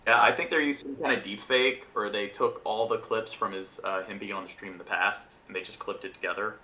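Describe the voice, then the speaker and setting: A man's voice: on the low side, fairly even intonation, a little fast, bright, forceful tone, slight background noise. A man co-hosting a podcast who makes provocative, offhand remarks in casual banter. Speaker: podcast co-host.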